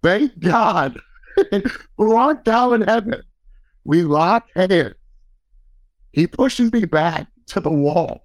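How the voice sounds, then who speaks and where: A man's voice: high-pitched, animated, slow, pauses often, dry recording, studio quality. A man casually telling a long, profane story, acting out quoted dialogue and laughing as he goes.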